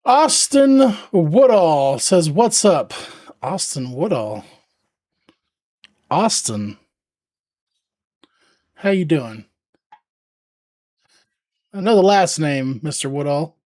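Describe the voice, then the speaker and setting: A woman's voice: deep voice, sing-song, drawn-out words, pauses often, mellow. A woman hosting a casual livestream, chatting playfully with viewers and talking to her dog. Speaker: livestream host.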